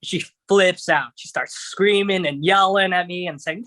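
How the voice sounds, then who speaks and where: A man's voice: high-pitched, unhurried, bright, forceful tone, no room sound. A man talking as a podcast guest, telling a story casually with many fillers and restarts. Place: podcast studio.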